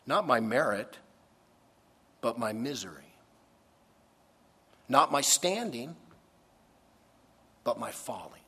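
Male preacher, mid-pitched, emphatic sermon delivery with long reverb of a large hall. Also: very animated, sharp tone, slightly rough. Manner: earnest, emphatic preaching with dramatic pauses.

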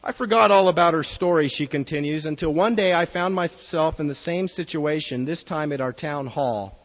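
A man with a fairly high voice delivers an earnest sermon and reads a story aloud to his congregation. The recording is dull and muffled, and long reverb trails off each phrase as if from a big hall. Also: normal speed. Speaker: preacher.

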